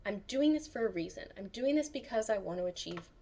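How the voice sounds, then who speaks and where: Woman guest on a chat show, lively storyteller, does little voices for people she quotes. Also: medium pitch, brisk. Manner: animated storyteller, acts out quotes. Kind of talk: casual interview chat.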